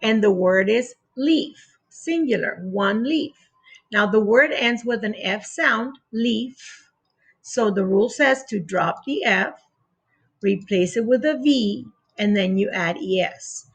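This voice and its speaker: A woman leads a children's phonics lesson at an unhurried pace, sounding out each word one letter at a time. Her voice carries a gravelly fry with a husky edge, and she patiently repeats every rule. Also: mid-range voice, animated. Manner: spells words sound by sound with clear pauses. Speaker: teacher. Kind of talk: slow, deliberate phonics lesson for young children.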